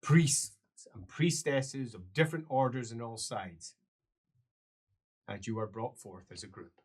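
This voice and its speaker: A man narrating a tabletop role-playing game as game master, in a slow, theatrical way. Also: mid-range voice, breathy edge.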